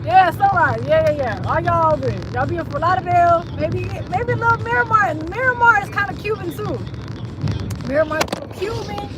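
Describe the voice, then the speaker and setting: A woman with a very high voice talks loosely to her live audience, teasing them and sliding between English and Spanish. Traffic and city noise run clearly underneath. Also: animated, a little fast. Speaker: livestreamer. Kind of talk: casual live-stream chat. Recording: noisy street sound behind.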